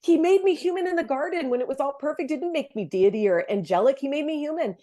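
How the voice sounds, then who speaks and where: A woman's voice: high-pitched, animated, fast, warm tone. Earnest woman telling a heartfelt story. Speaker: podcast guest. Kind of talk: casual Christian podcast conversation.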